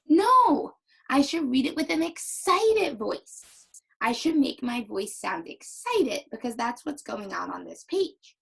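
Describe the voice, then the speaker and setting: Slow, animated woman teacher with husky voice. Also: on the high side, low-quality recording. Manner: exaggerated, animated demonstration voice. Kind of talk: recorded reading lesson for young children.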